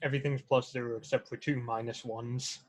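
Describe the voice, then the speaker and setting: A man's voice: mid-range voice, level tone, brisk. A man playing in a tabletop game, chatting casually and joking animatedly about his rolls. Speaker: player.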